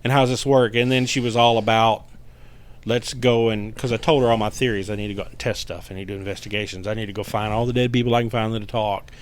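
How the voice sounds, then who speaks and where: A middle-aged man telling a story in a casual podcast chat, animated and profane, acting out the voices of the people in it. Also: fairly low pitch, rapid-fire, hardly any pauses. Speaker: podcast guest, paranormal investigator.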